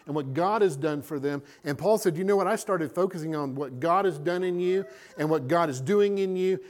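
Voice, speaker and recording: A man preaching a sermon as a pastor, animated and acting out little scenes. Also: a little high, fairly quick.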